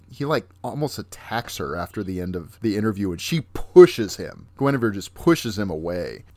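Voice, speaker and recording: A man's voice: on the low side, darkish tone. A man co-hosting a podcast, discussing a film enthusiastically. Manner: enthusiastic, acts out quoted lines. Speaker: podcast co-host.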